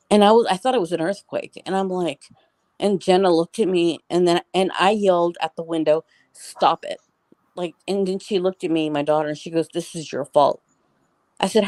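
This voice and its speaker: Low-voiced middle-aged woman, rambling. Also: a little mellow, no echo. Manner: rambling, full of "like" and restarts. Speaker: guest. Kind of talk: casual storytelling.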